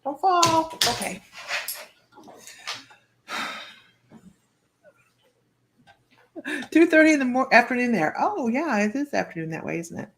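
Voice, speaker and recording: A woman's voice: fairly high pitch, big pitch swings, takes it slowly, pauses often. A woman psychic reader hosting a live stream, chatting in a rambling, friendly way and greeting viewers by name. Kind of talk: casual live-stream chat.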